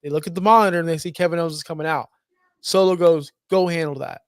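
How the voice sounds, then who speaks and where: A man's voice: on the high side, steady tone, rapid-fire, dry recording, clean studio sound. A man co-hosting a casual podcast, enthusiastic and easygoing. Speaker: podcast co-host.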